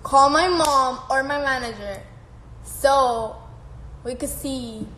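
High, slow-talking young woman livestreaming. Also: a bit bright. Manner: chatty, laughs often, swears casually. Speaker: livestreamer reading fan comments. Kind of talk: casual live-stream chat. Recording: echoey room with faint background noise.

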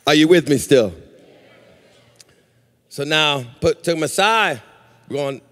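A male pastor preaching a sermon in a sing-song cadence that swells into shouts, acting out quotes as he goes. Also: on the high side, slow pace, long pauses. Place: church sanctuary. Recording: reverberant church hall.

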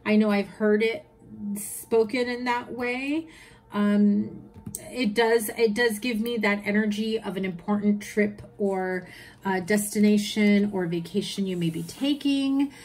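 A woman's voice: mid-range voice, unhurried, a little mellow. A woman giving a tarot reading in a chatty, reassuring way, listing card meanings. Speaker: tarot reader.

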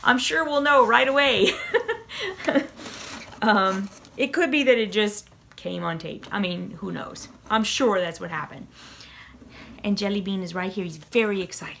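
A woman's voice: mid-range voice, moderate pace, gravelly, fairly bright tone, slight background noise. A young woman chatting through an unboxing at home, gushing and giggling, cooing and whispering to her cats. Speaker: vlogger unboxing a subscription box. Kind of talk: casual unboxing vlog chatter.

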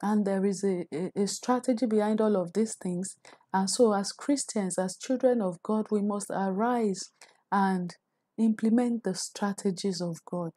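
Nigerian woman career coach, mellow tone, earnest preachy teaching delivery. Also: mid-range voice, measured pace. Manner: earnest, preachy, repeats words and restarts. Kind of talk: faith-based career teaching.

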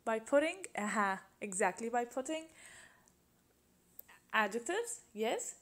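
A woman's voice: fairly high pitch, very animated, slow pace. A woman teaching an English grammar lesson, patiently asking questions and repeating example sentences.

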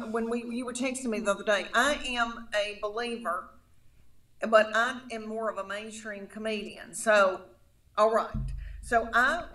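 A woman in her fifties from Middle Tennessee with a thick rural drawl, chatting in a folksy, storytelling way as a comedian guest. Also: fairly high pitch. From Middle Tennessee, USA. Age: 50s. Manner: storytelling, folksy, animated, calls people honey. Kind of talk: casual chat.

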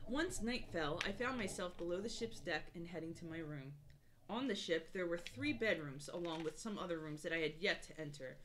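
A woman's voice: lowish voice, lively intonation, brisk, fairly bright tone, slight background noise. A woman streamer reading a book aloud, steadily, stopping to mock its writing. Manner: reads steadily, breaks off to mock the text.

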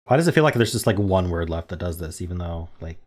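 A man's voice: sits low, expressive, fast. Man muttering word guesses aloud. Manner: muttering guesses, self-deprecating, mock-dramatic. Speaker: word game streamer. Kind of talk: casual thinking aloud while playing.

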